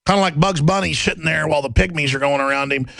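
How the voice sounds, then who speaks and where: Gravelly man ranting on talk radio. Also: on the high side, fast talker, no echo. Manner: sarcastic, mocking, bursts into shouting. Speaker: radio talk show host.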